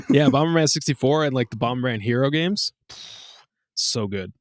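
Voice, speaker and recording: A man in his thirties co-hosting a casual podcast, telling stories with lots of swearing and acting out quotes in a high voice. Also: lively intonation, measured pace, dry recording, studio quality. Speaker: podcast co-host. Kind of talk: casual chat.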